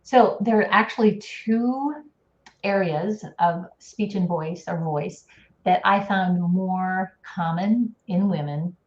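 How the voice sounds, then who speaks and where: A woman's voice: on the low side, slow pace. Woman coach, casual explainer, laughs easily; roomy, dull call audio. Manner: explains with demonstrations, laughs often. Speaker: speech and voice coach. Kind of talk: casual live-stream chat. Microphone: video call.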